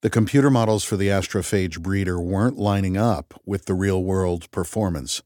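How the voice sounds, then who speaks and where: A man's voice: sits low, moderate pace, dark tone, no room sound, studio quality. A man reading a first-person audiobook in a wry, conversational manner. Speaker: audiobook narrator.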